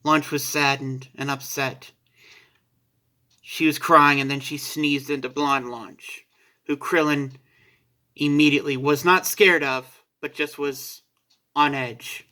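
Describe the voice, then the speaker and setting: A man's voice: a little high, steady tone, slow, pushed and bright. A man narrating a fan story in a casual, informal way, sometimes correcting himself mid-sentence.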